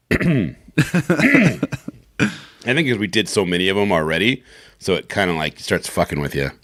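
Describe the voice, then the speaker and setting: Male podcast co-host, very low register, animated delivery, casual swearing, dry close mic. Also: moderate pace, no echo. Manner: animated, laughs often, swears freely. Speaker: voiceover reader and podcast co-host. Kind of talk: casual chat and recording session.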